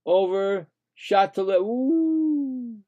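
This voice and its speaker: A high-voiced man with a gravelly, creaky edge calls a hockey game live in a loose, rambling way. He gets indignant fast, restarts his sentences, and talks straight at the players. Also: expressive, highs cut off. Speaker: live play-by-play streamer. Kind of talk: casual hockey play-by-play commentary.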